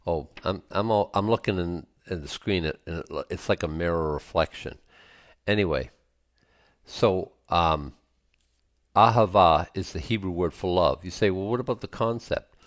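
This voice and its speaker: A man teaching a Bible study, reading scripture aloud and then explaining it in an unhurried way, with frequent ums and small asides. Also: low-pitched, no room sound. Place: indoors, presenting to a screen.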